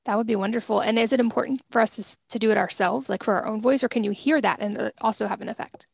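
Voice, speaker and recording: Fast-talking, gravelly woman host. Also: on the high side, fairly even intonation, no echo. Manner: curious, rambling questions. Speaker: podcast host. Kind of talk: casual interview talk.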